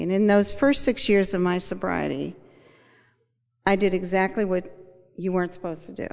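A woman's voice: fairly low pitch, gravelly, darkish tone, in a large hall. A woman, likely in her sixties, candidly telling her personal recovery story and acting out the voices of people in it. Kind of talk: personal testimony.

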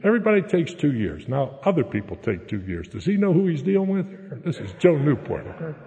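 A man's voice: fairly high pitch, sing-song, a little fast, creaky, mellow, muffled recording. A man telling a humorous personal recovery story in a folksy way, often tagging his lines with "okay?". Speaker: speaker sharing a recovery story. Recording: echoey hall.

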